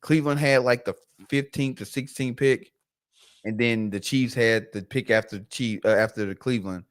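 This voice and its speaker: Male co-host, casual sports chat, medium pitch, animated retelling with stammered restarts. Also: normal speed. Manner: animated storyteller, acts out quoted voices, repeats words. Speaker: podcast co-host.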